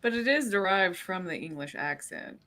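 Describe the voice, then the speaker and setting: A woman's voice: on the low side, lively intonation, normal speed, sharp tone. A woman co-hosting a comedy podcast, chatting casually, teasing and laughing often. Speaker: podcast co-host.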